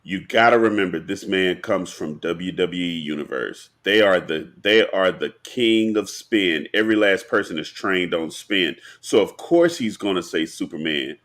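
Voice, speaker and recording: A man co-hosting a casual pop-culture podcast, explaining his points at length in an animated, slangy way. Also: low-pitched, moderate pace, hardly any pauses. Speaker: podcast co-host.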